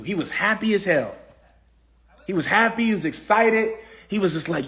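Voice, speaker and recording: Brief: high-pitched man, AAVE, preachy livestream motivational speaker, repeats himself. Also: expressive, normal speed, long pauses, a bit bright. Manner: preachy, repetitive, asks the audience questions. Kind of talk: casual motivational talk.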